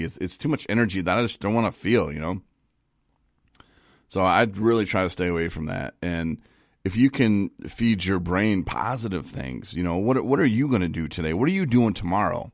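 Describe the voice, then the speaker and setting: A man in a casual live-stream monologue, halting and repeating words, laughing at himself, and getting choked up. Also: sits low, lively intonation, no room sound, studio quality. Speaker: recovery vlogger. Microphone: phone.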